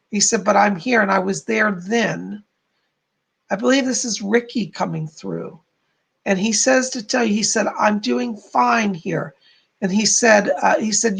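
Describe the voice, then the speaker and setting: Male psychic medium host; gravelly, husky tone, gentle delivery on a live stream. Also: high voice. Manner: soft, relaying spirit messages, warm thanks to donors.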